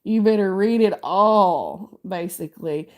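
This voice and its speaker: A woman's voice: medium pitch, measured pace, darkish tone. A woman hosting her crochet channel, chatting casually and rambling with many fillers while she reads pattern text aloud.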